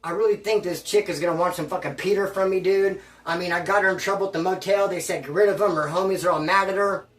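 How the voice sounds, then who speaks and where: A man's voice: high-pitched, fairly even intonation, quick pace, few pauses, a bit bright, roomy sound, distant mic. A man telling a story from his past in casual, profane street slang, rambling and repeating himself.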